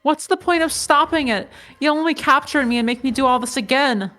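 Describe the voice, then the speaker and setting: A scared teenage girl, cornered and begging, her voice pitched a little high, as a woman reads her lines. She sounds desperate rather than calm. Faint music sits behind her. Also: fairly quick. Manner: pleading, desperate. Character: frightened teenage girl trapped in a puzzle room. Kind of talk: dramatic reading of a visual novel.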